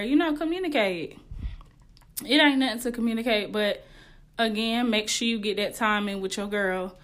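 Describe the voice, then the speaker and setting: A woman's voice: on the high side, moderate pace, a bit bright. A young woman hosting a podcast, giving casual relationship advice in a candid, slangy way and laughing often. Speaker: podcast host.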